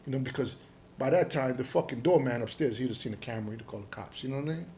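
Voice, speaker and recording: A middle-aged man from Jamaica, telling his story as a podcast guest in an animated, profane way, acting out the dialogue. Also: mid-range voice, rapid-fire, slight background noise. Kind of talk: casual storytelling interview.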